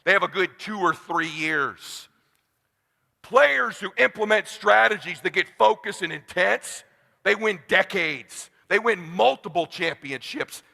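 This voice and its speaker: Forties male sales coach, high and raspy, tense delivery, shouts then hushes, big reverberant hall. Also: expressive, a little slow. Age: 40s. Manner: blunt, swings from hushed to shouting. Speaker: sales trainer. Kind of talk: motivational seminar speech.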